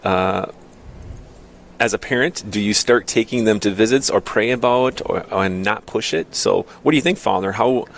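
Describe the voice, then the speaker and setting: A man's voice: fairly low pitch, moderate pace, creaky, a little hiss or hum. A priest from northern Iowa talking earnestly on a radio show in a studio, often repeating his words. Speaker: priest guest. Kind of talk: conversational radio talk.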